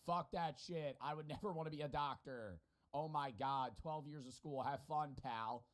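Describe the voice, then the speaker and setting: A man's voice: on the high side, normal speed. A man with a general American accent giving casual, profanity-laced reaction commentary. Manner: rambling, profane, laughing asides. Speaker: streamer reacting to videos.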